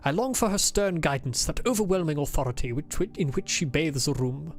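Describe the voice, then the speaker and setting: A woman's voice: deep voice, expressive, brisk. A woman voicing a pompous, insufferable male officer as she reads his game diary aloud in a stiff, formal put-on accent.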